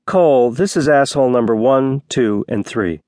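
A male narrator voicing a tough, sharp-tongued woman ex-SWAT officer in a cold, cutting, profane manner. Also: mid-range voice, expressive, moderate pace, no room sound, clean studio sound, natural voice.

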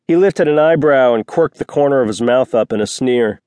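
A man narrating a romance novel as an audiobook reader, voicing each character with slight shifts of pitch. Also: expressive, normal speed, few pauses, a little mellow, clear, resonant tone, no echo, clean studio sound. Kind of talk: scripted narration.

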